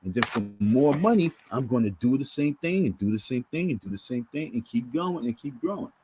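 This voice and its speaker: A man's voice: medium pitch, animated, fairly quick, a little mellow, slight background noise. A man ranting to camera in a profane, scolding monologue, hammering his points through repetition. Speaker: vlogger.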